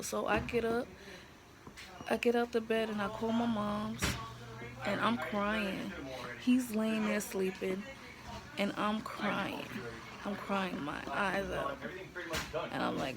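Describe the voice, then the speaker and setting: A woman's voice: fairly high pitch, takes it slowly, long pauses, crowd noise. A woman telling a personal story to her phone camera in a hospital room, frank, emotional and blunt, with plenty of slang. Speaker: vlogger. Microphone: handheld phone camera. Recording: noisy room ambience.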